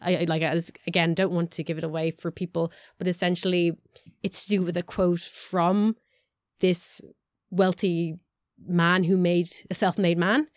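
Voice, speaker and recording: A woman's voice: lowish voice, little pitch movement, moderate pace, dry recording, clean studio sound. A woman co-hosting a podcast, chatting casually about films, laughing often and restarting her sentences. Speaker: podcast co-host. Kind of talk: casual film chat.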